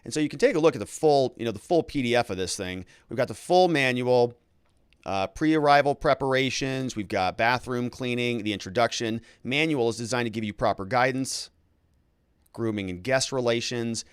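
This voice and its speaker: A man's voice: mid-range voice, normal speed, clear, resonant tone, no echo, studio quality. A man who hosts a legal commentary show, talking casually and sarcastically while reading documents aloud. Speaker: lawyer and legal commentary host.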